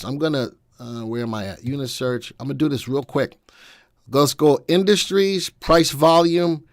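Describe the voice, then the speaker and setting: A man hosts a live stock analysis broadcast, talking straight to his viewers as he clicks through charts. His voice sits a bit high and sounds dry and close, and he breaks into lively, folksy exclamations. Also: no echo. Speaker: stock market analysis host.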